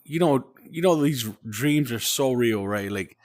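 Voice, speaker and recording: A man's voice: mid-range voice, lively intonation, unhurried, darkish tone. A man hosting a podcast, tipsy from drinking, telling a story in a loose, swearing, emotional way. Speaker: podcast host. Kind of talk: casual chat.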